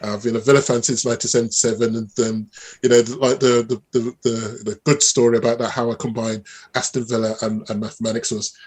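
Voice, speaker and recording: A husky man from Birmingham, England speaks briskly at a medium pitch as a mathematician guest in a conversational interview. He tells stories in an animated way, with many restarts.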